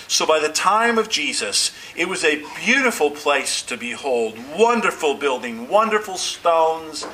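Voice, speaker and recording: Man, pastor, sermon, emphatic pauses, bright tense tone, light background hiss. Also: fairly high pitch, low-quality recording. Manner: deliberate preaching with emphatic pauses and rising stresses. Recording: faint hiss.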